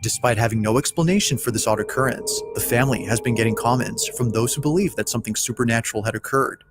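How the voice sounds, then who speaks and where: A man narrating a compilation of scary videos in a steady, measured, scripted storytelling voice. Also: mid-range voice. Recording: faint music underneath.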